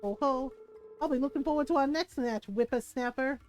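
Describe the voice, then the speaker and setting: A teasing old villager , read aloud by a woman streamer, drawls his folksy lines in a fairly high voice. He ribs the player like a grumpy grandpa in a cozy farming game. Soft game music plays faintly behind him. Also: fairly quick, close to an everyday voice. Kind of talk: reading game dialogue aloud.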